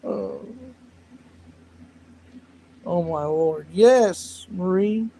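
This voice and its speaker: A gravelly, slightly higher-pitched man with a drawl holds a casual livestream chat, telling rambling stories and bursting out loudly now and then. Faint noise hums under the recording. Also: normal speed, low-quality recording. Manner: rambling, animated storytelling with loud laughing outbursts. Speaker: livestream host.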